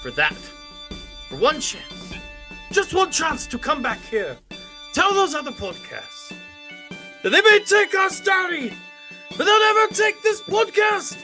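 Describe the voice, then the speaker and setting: A man putting on a mock-heroic Scottish accent, playing a rousing rebel warlord who shouts a battle speech. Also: very high-pitched, big pitch swings, unhurried, long pauses, faint music behind, pitched above the performer's own voice, full character voice. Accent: put-on Scottish. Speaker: podcast co-host.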